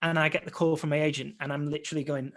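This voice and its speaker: Racing along in a fairly high voice, a young actor shares his story as an interview guest. He keeps it casual and lively, playing out remembered conversations.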